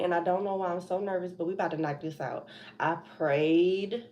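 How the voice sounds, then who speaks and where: A woman's voice: fairly low pitch, brisk, dark tone, slight background noise. A young woman hosting a casual livestream from home, anxious and rambling, sighing and laughing nervously as she talks. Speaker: trucking vlogger.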